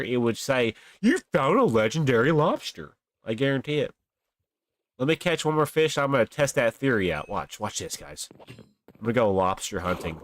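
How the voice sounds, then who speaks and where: Lively young man streaming a game. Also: medium pitch, slight background noise. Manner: animated, talks to chat, grumbles and exaggerates. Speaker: livestreaming gamer. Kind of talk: casual live game commentary. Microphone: desk mic, webcam stream.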